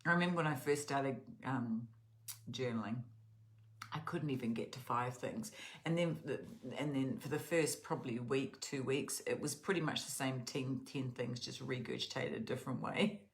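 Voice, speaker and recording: Low-voiced woman, earnest and rambling. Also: normal speed. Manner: earnest and spiritual, rambling with many restarts. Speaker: journaling channel host. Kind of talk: casual guided journaling talk.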